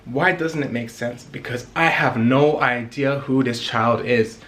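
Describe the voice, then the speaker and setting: A young man from England, telling a story in a casual vlog in an animated, emphatic way, repeating lines for effect. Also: mid-range voice, measured pace.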